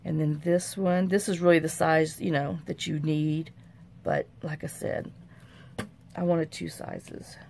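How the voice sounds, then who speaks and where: Gravelly, folksy woman crafting. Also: low voice, steady tone, measured pace, warm tone, a little hiss or hum. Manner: rambling, folksy and self-mocking. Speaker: crafting tutorial host. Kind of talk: chatty crafting tutorial.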